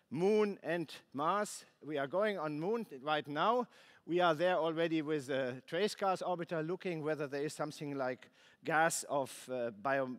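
A man heading a space agency gives a conference keynote, halting and restarting often, with dry asides. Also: a little high. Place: conference plenary hall.

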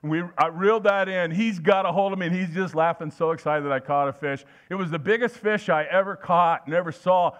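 A man's voice: sits high, brisk, hardly any pauses, fairly bright tone. An older man preaching a sermon in a folksy, anecdotal way, telling stories with frequent restarts.

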